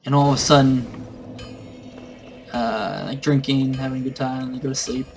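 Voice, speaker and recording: A man's voice: mid-range voice, steady tone, normal speed, vocal fry, over music, poor audio. A man casually recounting a tabletop game session in a rambling way, full of fillers. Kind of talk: casual storytelling.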